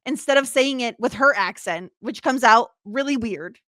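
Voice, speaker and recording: Bright, lively woman co-hosting a podcast. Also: on the high side, normal speed, no echo, studio quality. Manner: animated, playful, emphatic. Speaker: podcast co-host. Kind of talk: casual chat.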